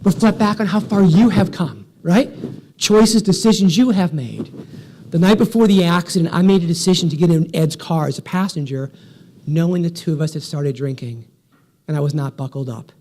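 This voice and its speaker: Man, 40s, keynote speaker, motivational speech, energetic storytelling, punchy rhythm, fairly high voice. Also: moderate pace, slight background noise.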